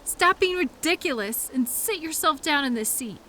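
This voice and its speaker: A woman's voice: sits high, lively intonation, moderate pace, hardly any pauses, bright, forceful tone, a little hiss or hum. A young woman performing a scripted audio role-play as a coworker who finds the listener in a blizzard, fussy and scolding, then apologetic, with quirky mild exclamations.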